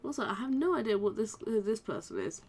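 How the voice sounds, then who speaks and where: A young woman chats her way through a role-playing game in casual commentary. She rambles and restarts her sentences and asks her viewers questions, all at a middling pitch. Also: huge pitch swings, fast talker, a little mellow. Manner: chatty, rambling, many "like"s and restarts. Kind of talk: casual let's-play commentary.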